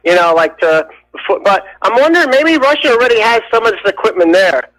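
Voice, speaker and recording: A man from New Jersey calling into a radio show, rambling and halting with fillers. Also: high voice, expressive, bright, forceful tone. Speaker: caller. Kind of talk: call-in radio conversation. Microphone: telephone. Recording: tinny phone line.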